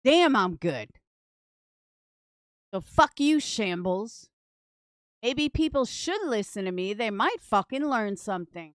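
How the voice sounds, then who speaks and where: A woman's voice: a little high, very animated, takes it slowly, pauses often, clean tone, no echo. A woman hosting a commentary channel, sarcastic and boastful, swearing often as she reacts to clips.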